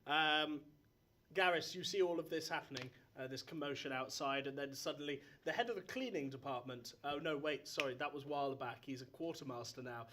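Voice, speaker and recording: Bright-voiced man running a game. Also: on the high side, brisk, a little hiss or hum. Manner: animated, breaks into shouted character voices. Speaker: game master. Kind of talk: narrating a live tabletop game. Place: live stage before an audience.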